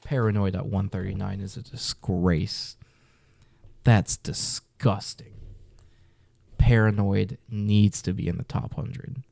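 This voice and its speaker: A man's voice: lowish voice, fairly even intonation, takes it slowly, vocal fry, a little mellow, no echo. A man reacting casually to a music list, muttering exasperated, profane comments with whispered asides.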